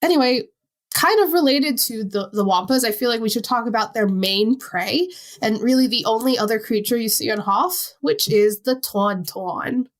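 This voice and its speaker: A woman with a Long Island New York accent, co-hosting a casual podcast chat in an animated, chatty way. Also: a little high, moderate pace. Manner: chatty, animated, laughs easily. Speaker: podcast co-host.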